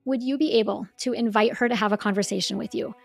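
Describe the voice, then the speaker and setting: A woman hosting a podcast, delivering a calm, earnest scripted monologue in a measured way. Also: on the high side, vocal fry. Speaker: podcast host.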